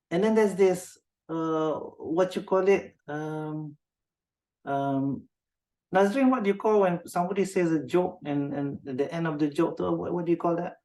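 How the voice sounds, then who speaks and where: A man's voice: fairly high pitch, darkish tone. A man with a Malaysian accent teaching a class on writing quotes, calling on students by name and checking in with them often. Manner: code-switching, often checks in with a questioning "yeah?". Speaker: writing instructor. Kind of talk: interactive classroom lesson.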